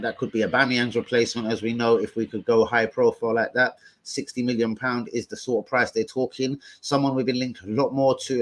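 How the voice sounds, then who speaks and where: A man's voice: medium pitch, fairly bright tone. A young man hosts a live stream. He chats in a slangy, profane style and trades insults with trolls in the chat.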